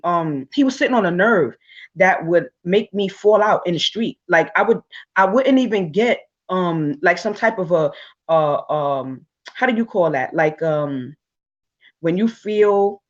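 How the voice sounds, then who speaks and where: A woman tells personal stories in a lively, animated way, often restarting and filling pauses. Her voice comes through somewhat dull, lo-fi audio. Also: medium pitch. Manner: animated, laughing, frequent restarts and fillers. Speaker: guest speaker. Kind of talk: casual storytelling on a live talk show.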